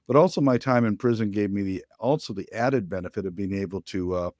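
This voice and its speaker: A man's voice: on the low side, fairly quick, a little mellow, dry recording, studio quality. An older man answering interview questions as a guest, firm and plain-spoken. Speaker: guest, ocean activist.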